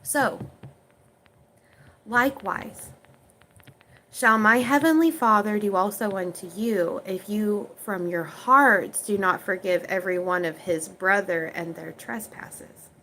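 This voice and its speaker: Speaking slowly in a bright, forceful, mid-range voice, a woman under forty with an Oklahoma accent reads from the King James Bible online. She then puts it into everyday slang and chats with viewers, answering their questions, over poor audio with slight background noise.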